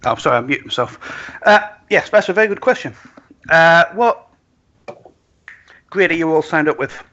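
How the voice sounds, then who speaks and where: A man's voice: fairly high pitch, lively intonation, normal speed, pushed and bright, muffled recording. A man narrating as game master of an online tabletop game, hesitant, with lots of "uh". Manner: hesitant, filler-heavy.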